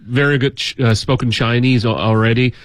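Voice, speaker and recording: A man co-hosting a radio talk show in a studio, relaxed and affirming as he asks questions. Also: medium pitch, brisk, no echo. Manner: relaxed, affirming, many mm's. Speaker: radio co-host.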